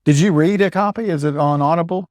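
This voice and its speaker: A man's voice: a little high, a little mellow, dry recording, clean studio sound. A man hosting a podcast, chatting with a guest in an upbeat, enthusiastic way. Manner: upbeat and enthusiastic, quick to agree. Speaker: podcast host. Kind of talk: casual interview chat.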